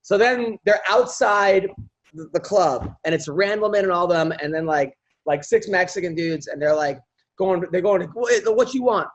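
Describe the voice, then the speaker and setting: A man on a podcast telling profane, animated stories in a casual chat. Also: high-pitched, moderate pace. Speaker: podcast guest comedian. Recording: dull lo-fi audio.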